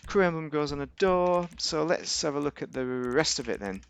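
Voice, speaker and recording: A man's voice: a little high, moderate pace, gravelly, smooth. A man giving casual, rambling gameplay commentary as a YouTuber, correcting himself and making wry asides. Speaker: gaming YouTuber.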